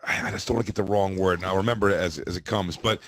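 A man's voice: deep voice, fairly even intonation, very fast. A man in his thirties talking loosely in casual chat. His stories wander and restart, peppered with curses. The sound is dry, with no room echo. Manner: rambling, profane storytelling with restarts. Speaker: podcast co-host.

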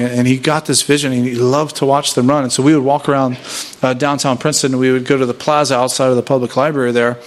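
Conversational man giving a faith talk. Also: medium pitch. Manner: conversational, self-deprecating storytelling with rhetorical questions. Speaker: workshop speaker. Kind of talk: sermon-style talk.

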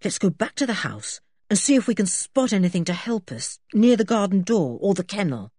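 Lady doing a calm serious boy, no-nonsense, animated delivery. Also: medium pitch, brisk, slightly rough, no room sound, studio quality. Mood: sober. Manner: steady, matter-of-fact. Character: sober sensible older boy, calm leader.

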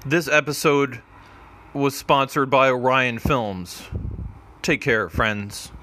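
A man's voice: mid-range voice, steady tone, slow, bright, forceful tone, slight background noise. A man casually narrating a comedy story in an offhand, rambling way, correcting himself as he goes.

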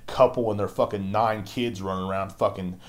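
Keeping a steady tone at a slightly fast pace, a young adult man hosts his own podcast and rants angrily by himself. He swears constantly and mocks others by putting on silly, squeaky voices.

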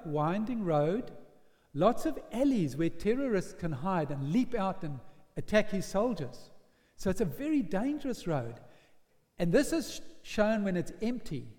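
A man preaching with an animated storytelling manner, slipping into the voices of his characters. His voice sits high for a man. It rings out in a church with a long, echoing reverb. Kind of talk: sermon.

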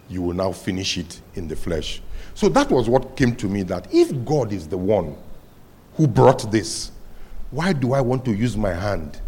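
A man preaching a sermon as pastor, telling stories and rising to loud cries. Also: on the low side, husky.

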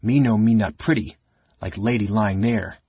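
A man's voice: fairly low pitch, moderate pace, dark tone, husky, dry recording, lo-fi sound. A man voicing a ragged female gully dwarf who speaks in broken pidgin. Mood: tearful.

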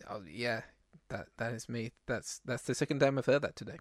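A man's voice: medium pitch, a little fast, no room sound, studio quality. A man co-hosting a casual podcast, rambling and self-deprecating, with lots of fillers. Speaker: podcast co-host. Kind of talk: casual chat.

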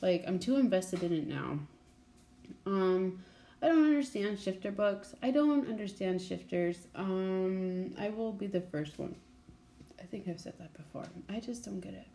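A woman's voice: mid-range voice, measured pace, mellow. A young woman hosting a casual book review chat, blunt and chatty, full of fillers and asides. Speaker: book podcast host.

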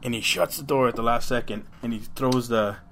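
A man's voice: mid-range voice, steady tone, brisk, a bit bright, slight background noise. A man co-hosting a podcast, retelling a scary story in a rambling, profane way with lots of restarts. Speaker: podcast co-host. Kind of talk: casual storytelling chat.

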